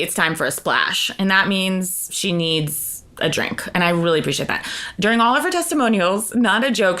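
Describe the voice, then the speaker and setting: A woman co-hosting a podcast, telling gossipy stories in casual chat with lots of "like" and quick asides. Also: medium pitch, fairly bright tone. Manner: gossipy, chatty storytelling full of "like" and asides. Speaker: podcast co-host.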